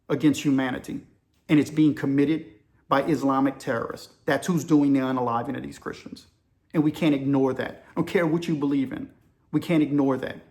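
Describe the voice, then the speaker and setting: A man giving casual video commentary and telling stories, animated and addressing listeners directly. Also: on the high side. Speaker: commentator on current events.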